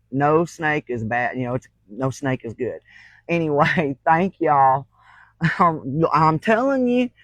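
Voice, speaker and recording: A woman's voice: low voice, dry recording, rough recording. A woman, hosting a crafting livestream and telling folksy stories with frequent laughter. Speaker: crafting channel host. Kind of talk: casual livestream storytelling.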